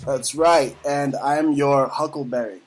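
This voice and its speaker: A man hosting a talk radio show, ranting loudly and excitably in casual banter. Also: medium pitch, a little slow, soft background music, poor audio.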